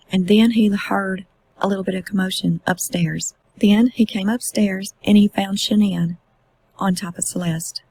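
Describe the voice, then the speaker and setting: A woman's voice: medium pitch, darkish tone, husky, no room sound, low-quality recording. A woman narrating a true-crime book synopsis in plain storytelling style. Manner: plain storytelling, acting out quotes.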